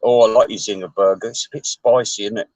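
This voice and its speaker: A man chatting to his viewers in a rambling, sweary way, chuckling often and jumping his voice up high. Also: fairly even intonation, fast talker, darkish tone, no room sound. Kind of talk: casual rambling chat.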